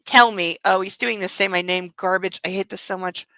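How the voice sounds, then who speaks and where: Casting: a blunt, sarcastic woman reading a book aloud, bright crisp voice, dry close sound. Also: medium pitch, level tone, a little fast, dry recording, poor audio. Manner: sarcastic, indignant, blunt with swearing. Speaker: book club reader and commentator.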